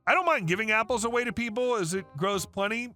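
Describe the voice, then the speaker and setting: Man, story narration, matter-of-fact, bright tone, soft music underneath. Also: high-pitched, fast.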